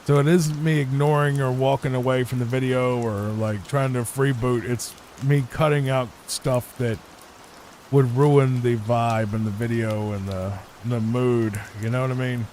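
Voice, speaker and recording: A man with a steady, unhurried, slightly mellow mid-range voice narrates gameplay for sleep. This YouTuber improvises and rambles, frequently repeating himself. His home desk microphone picks up a little background noise.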